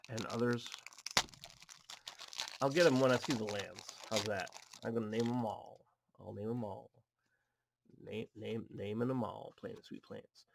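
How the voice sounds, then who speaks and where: A man's voice: medium pitch, vocal fry, slight background noise. A man hosting a card-opening video at home, chatting casually and reading card text aloud with goofy asides. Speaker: card pack opening host. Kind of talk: casual chat while opening cards. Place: home apartment.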